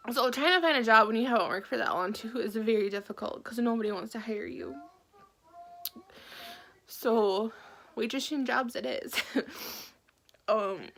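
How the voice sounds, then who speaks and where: A young woman telling her own story to camera in a soft, halting way, holding back tears. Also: a little high. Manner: soft, halting, emotional, with many pauses and fillers. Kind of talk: personal testimony to camera.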